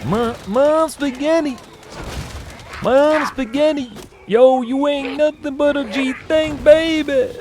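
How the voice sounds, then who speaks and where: A man's voice: extremely high pitch, slow pace, background noise, voice pushed up. A man doing an impression of a young male rapper, talking through his nose. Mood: hyped. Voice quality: nasal.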